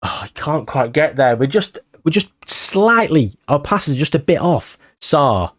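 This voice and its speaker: A man commentating his football management game as he plays, anxious and short of breath, bursting into excited shouts at near misses. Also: on the high side, normal speed, dry recording, studio quality. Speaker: gaming YouTuber.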